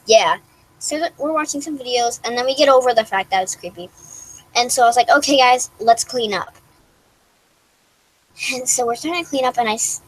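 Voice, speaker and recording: A woman's voice: a little high, husky, rough recording. Giggly young woman telling a story. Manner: rambling, giggly, lots of "like" and restarts. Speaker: vlogger. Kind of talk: casual storytelling to camera.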